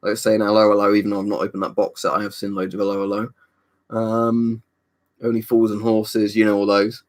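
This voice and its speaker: A man's voice: on the low side, monotone, fairly quick. A young adult man from England chatting casually on a live stream, rambling, swearing freely and answering viewers' questions.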